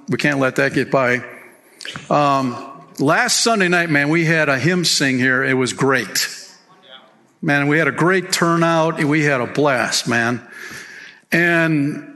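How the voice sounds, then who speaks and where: Gravelly, bright-voiced man preaching in a hall. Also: fairly high pitch. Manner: animated, sings hymn lines and reads book passages aloud. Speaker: pastor. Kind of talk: sermon. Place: church sanctuary. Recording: long hall reverb.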